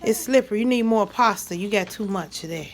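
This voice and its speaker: A woman, chatting loudly with her viewers in a casual home cooking vlog, laughing and cursing freely. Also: medium pitch, fairly quick, slight background noise. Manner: loud, laughing, swears freely, talks to viewers. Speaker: mukbang vlogger. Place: home kitchen.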